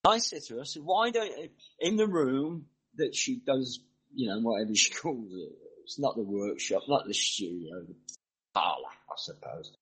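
A man's voice: medium pitch, animated, normal speed, fairly bright tone, husky, low-quality recording. A middle-aged man from the English Midlands with a mixed English accent, chatting casually and rambling through stories full of asides. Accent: mixed northern and southern English. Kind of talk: casual chat.

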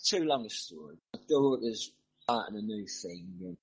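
A man's voice: lowish voice, animated, moderate pace, slightly rough, poor audio. A middle-aged man from the English Midlands with a mixed English accent, chatting casually and rambling through stories full of asides. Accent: mixed northern and southern English. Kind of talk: casual chat.

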